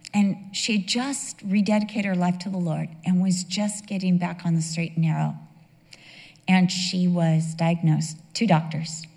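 A woman's voice: on the low side, a little mellow. A woman in her fifties giving an emotional sermon-style testimony, telling the story with acted dialogue. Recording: long reverb of a large hall.

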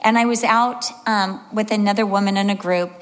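A woman's voice: mid-range voice, brisk, long reverb tail. A woman in her sixties preaching a sermon, telling stories with animation and acting out the voices of the people in them. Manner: animated storytelling, acts out voices.

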